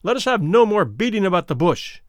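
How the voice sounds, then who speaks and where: A man voicing a fierce, imposing middle-aged explorer in a deep, gruff storybook voice. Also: very animated, brisk, dry recording, clean studio sound. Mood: menacing.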